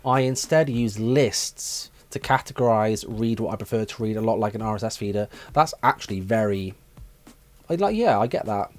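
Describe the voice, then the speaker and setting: A man's voice: lowish voice, animated, moderate pace, faint music behind. A young man hosting a casual live stream, musing aloud and reading viewers' chat messages from a desk mic at home. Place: room at home with his dog.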